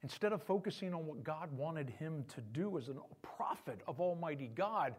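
A man preaching a sermon as pastor, in an animated, conversational way. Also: a little high, moderate pace, breathy edge.

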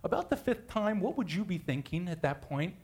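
A man's voice: sits high, sing-song, a little fast, a little mellow. A man preaching a sermon, retelling Bible stories in a casual, conversational way and acting out the characters' lines. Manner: storytelling, acts out biblical characters in casual modern speech.

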